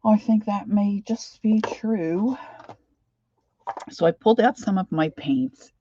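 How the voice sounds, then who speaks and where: A woman's voice: medium pitch, slow, warm tone, lo-fi sound, a little hiss or hum. Chatty older Philly woman streaming crafts. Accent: Philadelphia. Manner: chatty, self-deprecating, greets viewers by name. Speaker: craft livestream host. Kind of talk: casual livestream chat. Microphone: desk microphone.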